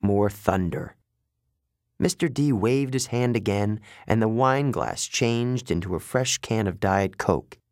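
A man reading a first-person story aloud as an audiobook narrator, steady and matter-of-fact. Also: lowish voice, slow pace, no echo, clean studio sound.

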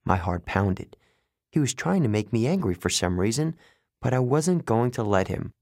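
A man reading a first-person story aloud as an audiobook narrator, steady and matter-of-fact. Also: mid-range voice, moderate pace, no room sound, studio quality.

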